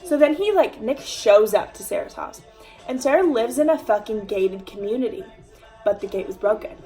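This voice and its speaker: A woman's voice: fairly high pitch, expressive, moderate pace, mellow, soft background music, rough recording. A young woman telling a casual storytime, chatty and full of "like" fillers and swearing, acting out the lines of the people in her story.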